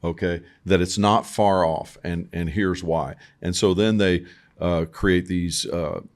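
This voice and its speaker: Low-voiced male podcast co-host, relaxed and conversational, shares things he has read. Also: slow pace. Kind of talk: casual podcast discussion.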